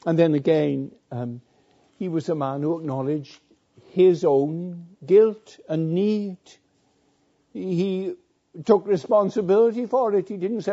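A male preacher delivers a sermon slowly and deliberately, with a very dark, mellow tone. His pitch sits a little high for a man. The recording is dull and lo-fi. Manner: slow, deliberate preaching with repeated phrases and quoted scripture.

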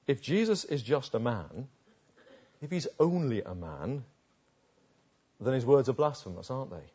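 A man's voice: medium pitch, big pitch swings, a little slow, mellow, slightly rough, highs cut off. A man preaching a sermon on a Bible passage, retelling it vividly and asking the listeners rhetorical questions.

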